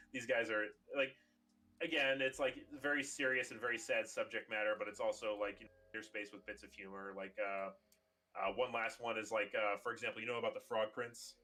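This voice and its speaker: A man's voice: lowish voice, level tone, brisk, sharp tone, soft background music. A young man hosting a podcast, chatting casually and rambling with lots of fillers. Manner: rambling, many fillers, acts out quotes. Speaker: podcast host. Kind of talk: casual chat.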